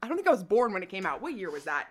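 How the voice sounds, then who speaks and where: A woman's voice: mid-range voice, sing-song, rapid-fire, crowd noise. A woman co-hosting a podcast in casual chat, teasing and laughing often. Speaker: podcast co-host.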